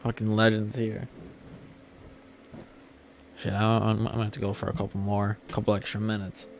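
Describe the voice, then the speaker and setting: Chatting with his livestream audience as he plays, a young male streamer rambles and swears now and then. His fairly low voice has vocal fry and little pitch variation at a normal speed, with slight background noise.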